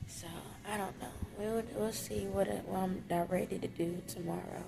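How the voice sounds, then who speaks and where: A woman's voice: medium pitch, steady tone, normal speed, vocal fry, music in the background, low-quality recording. A woman with children, crying as she talks candidly about her pain to her viewers in a confessional vlog from a lobby. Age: adult with children. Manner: tearful, raw and candid, speaks in casual vernacular. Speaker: vlogger. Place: hotel lobby.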